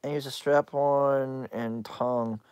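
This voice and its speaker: Slow-talking giggly woman streamer. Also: extremely low pitch, fairly even intonation, a little mellow, clean tone, no echo, clean studio sound. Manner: giggly, breaks into laughter often; crude, teasing questions at chatters. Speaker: livestream host. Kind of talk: rambling livestream chat.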